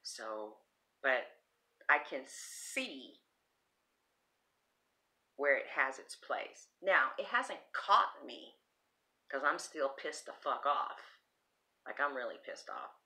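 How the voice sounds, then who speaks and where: A woman's voice: very deep voice, lively intonation, slow, long pauses, bright, forceful tone. A woman reading tarot cards in a casual vlog, rambling, blunt and swearing freely. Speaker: tarot reader.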